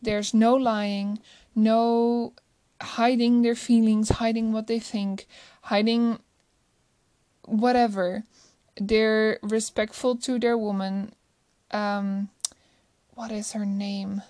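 A woman's voice: a little high, little pitch movement, slow pace, warm tone, dry recording. A woman chatting casually about a movie she loves, gushing and rambling, often restarting her sentences. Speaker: movie reviewer. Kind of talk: casual chat.

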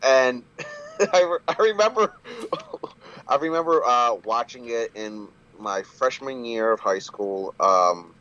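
A man's voice: medium pitch, lively intonation, slow pace, a bit bright, highs cut off. A man chatting casually on a podcast, swearing freely and laughing often. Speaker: wrestler guest.

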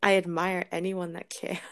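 A woman's voice: fairly low pitch, level tone, measured pace, dry recording, studio quality. A young woman, a guest author in a podcast conversation, chatting casually and filling her talk with "like". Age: young adult. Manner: chatty, many fillers like "like". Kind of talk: casual chat.

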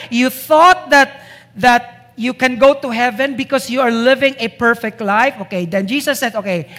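A man's voice: very high voice, sharp tone. A man preaching a sermon to a congregation, emphatic, driving points home with repeated rhetorical questions. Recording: long reverb of a hall.

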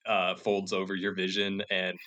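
A man with a lowish voice runs a comedic tabletop game as its game master. He rambles through his scenes, stacking fillers and restarting his sentences as he narrates. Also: completely flat delivery, moderate pace, bright, forceful tone.

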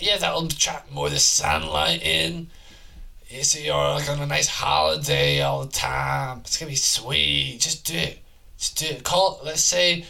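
A raspy, gravel-throated time-traveling freak, voiced by a man in an improvised comedy bit rants crudely about the future. His delivery is slow and drawn out, with a bright, sharp bite. He lurches cheerfully from one absurd idea to the next. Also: mid-range voice, full character voice. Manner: rambling, crude, gleefully absurd rant.

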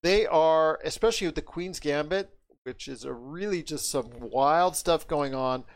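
A man from the United States hosting a podcast, talking with enthusiastic, drawn-out emphasis. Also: fairly high pitch. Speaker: podcast host. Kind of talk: casual podcast chat.

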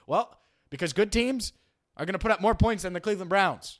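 Slightly high-voiced sports podcast host. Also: male voice, expressive, fairly quick. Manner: analytical, argues with imagined critics, repeats "I" when starting.

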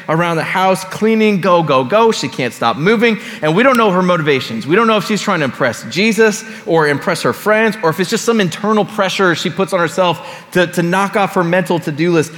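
Pastor, male, slightly high voice, chatty sermon delivery with asides, long hall reverb. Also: fairly bright tone. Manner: conversational, with casual asides and repeated phrases.

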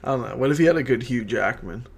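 A man's voice: medium pitch, lively intonation, fast, gravelly, slightly rough. A young man co-hosting a podcast, joking around, laughing often and swearing casually. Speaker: podcast co-host. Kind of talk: casual chat.

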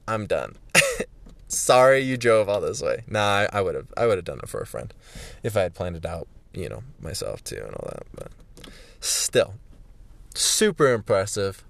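A man's voice: on the low side, sing-song, a little slow, gravelly. A young man talking to the camera in a candid vlog monologue, rambling and blunt, swearing freely and sometimes dropping to a whisper, recorded indoors in a room. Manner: rambling, blunt, profane, drifting into hushed whispers. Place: indoors, a room where he is staying.

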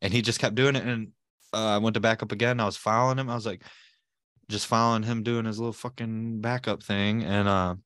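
A low-pitched man chats casually on a podcast, spinning an animated story full of swearing and laughter. His voice sits close and dry, with no room sound around it. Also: fairly quick, smooth, dry recording. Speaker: podcast co-host. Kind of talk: casual chat.

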